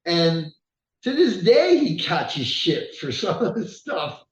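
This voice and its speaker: A man, a rock singer and guest, telling stories in a casual, animated way, swearing freely and laughing often. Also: high-pitched, takes it slowly. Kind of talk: casual storytelling interview. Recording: roomy echo.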